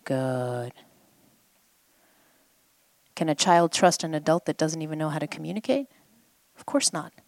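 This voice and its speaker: A woman's voice: low voice, expressive, measured pace, long pauses, a little mellow, dry recording. A woman healing coach guiding a participant through an exercise at a live event, coaxing and repeating phrases for the listener to say back. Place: live event before a group.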